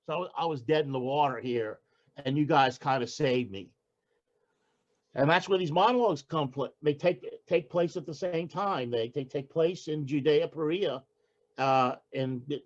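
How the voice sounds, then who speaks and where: An older man, a poet being interviewed, who talks casually and haltingly, with many restarts. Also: a little high, lo-fi sound. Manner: halting, with frequent restarts and fillers. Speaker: poet guest.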